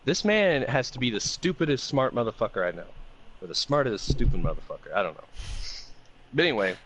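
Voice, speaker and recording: A man co-hosting a podcast, telling a long profane party story in a loose, animated way. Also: mid-range voice, fairly quick, slight background noise. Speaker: podcast co-host. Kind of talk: casual storytelling chat.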